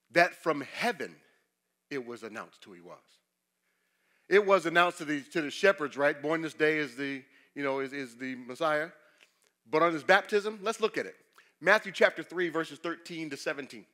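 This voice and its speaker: A pastor preaching a sermon in a bright, ringing voice pitched somewhat high for a man. He swings from loud, emphatic declarations to hushed confession, and he keeps putting questions to his congregation. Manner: preaching with sweeping shifts between loud emphasis and quiet confession; asks the congregation rhetorical questions.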